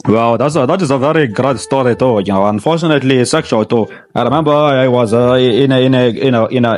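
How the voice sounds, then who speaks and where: A man's voice: fairly low pitch, darkish tone, close to an everyday voice. A man putting on a crude, boastful male pro wrestler in a comedy skit, rambling and stammering over his words. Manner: rambling, stammering, repeats words, laughs at own jokes. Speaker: parody interview guest.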